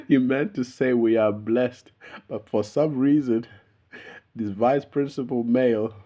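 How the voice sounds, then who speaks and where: A man's voice: medium pitch, slow, mellow. A young man talking straight to camera in a loose, meandering monologue, laughing and swearing casually as he goes. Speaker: YouTuber. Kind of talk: unscripted rambling monologue.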